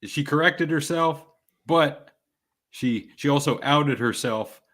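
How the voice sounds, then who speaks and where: A man co-hosting a podcast in casual chat, relaxed and rambling with dry humor. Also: fairly high pitch, slow. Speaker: podcast co-host.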